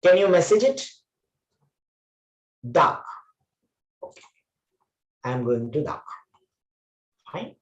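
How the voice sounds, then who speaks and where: A man's voice: fairly high pitch, very animated, slow pace, long pauses, reverberant, poor audio. A man teaching an online English grammar class, often repeating phrases and correcting himself. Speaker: English trainer.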